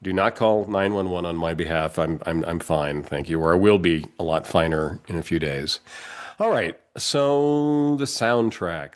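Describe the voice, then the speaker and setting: A man's voice: deep voice, unhurried. A man with a cold, co-hosting a podcast in casual chat, rambling and restarting his sentences and laughing often. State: has a cold. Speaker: podcast co-host.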